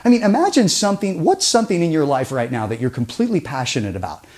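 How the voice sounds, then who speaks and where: A man's voice: on the high side, big pitch swings, quick pace, darkish tone. A man teaching a persuasion seminar, asking rhetorical questions and sometimes dropping his voice to a near-whisper for effect. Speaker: communication trainer.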